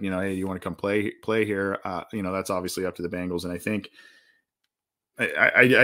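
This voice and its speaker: A man's voice: fairly low pitch, bright, forceful tone. A man hosting a sports podcast, talking casually and rambling, with many restarts and fillers. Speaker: podcast host.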